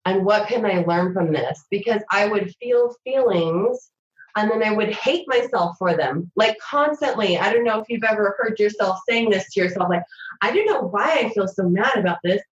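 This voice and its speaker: A woman's voice: medium pitch, moderate pace, roomy sound, highs cut off. A woman intimacy coach speaking in an interview, reflective and explaining things step by step, often voicing questions to herself. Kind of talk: conversational interview.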